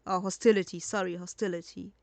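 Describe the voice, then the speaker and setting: A woman's voice: fairly low pitch, steady tone, fast, gravelly, darkish tone, dry recording. Blunt, sarcastic woman reacting late at night. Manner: blunt, sarcastic, swears freely. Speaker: reaction commentator. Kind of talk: casual reaction commentary.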